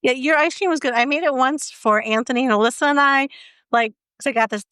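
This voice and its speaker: Smooth-voiced woman telling stories. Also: high-pitched, fast, no echo. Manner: animated storytelling, acts out her own reactions. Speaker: podcast co-host. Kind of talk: casual chat.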